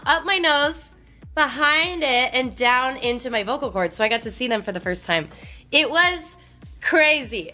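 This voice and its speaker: Female streamer, hoarse with laryngitis, bright edge, blunt and chatty, studio mic. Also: on the high side. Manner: blunt, chatty, explains with gestures. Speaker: musician streamer. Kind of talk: casual live-stream chat. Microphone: studio microphone.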